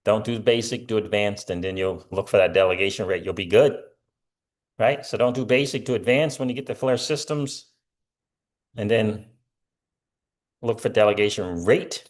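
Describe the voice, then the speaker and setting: A man's voice: lowish voice, normal speed, pauses often. A middle-aged man hosting a casual crypto livestream, rambling with lots of fillers and answering viewer comments.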